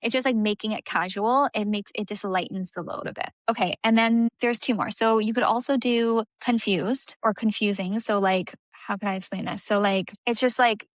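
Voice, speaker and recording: A woman's voice: medium pitch, fairly even intonation, moderate pace, hardly any pauses, dry recording. A young woman coaching in a casual teaching talk, chatty and full of fillers, acting out what clients might say. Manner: chatty, many "like" fillers, acts out client voices. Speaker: aesthetics business coach.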